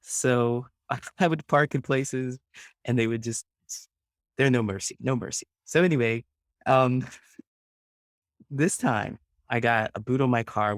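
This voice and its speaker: A man working as a friendship coach, answering interview questions as an animated storyteller who acts out voices and laughs often. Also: mid-range voice, dry recording, clean studio sound. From United States.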